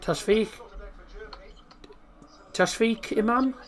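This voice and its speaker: Man, casual live stream host, chatty, reads lineups and chat, fairly high voice. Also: very slow, a bit bright.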